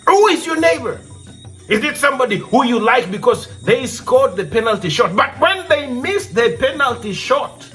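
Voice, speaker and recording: A man from Kenya tells a moral folk tale in a fairly high voice with big swoops of pitch. He takes his time, drawing out his phrases and repeating his questions like a preacher, over faint music. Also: a bit bright. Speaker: storyteller and show host. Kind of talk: oral storytelling with a moral.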